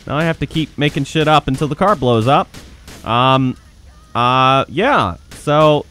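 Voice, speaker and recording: Excitable, lively-voiced male gamer. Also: medium pitch, a little slow, faint music behind. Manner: excitable and profane, bursts into shouting. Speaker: gameplay commentator. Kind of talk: playful role-play gaming commentary. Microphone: headset.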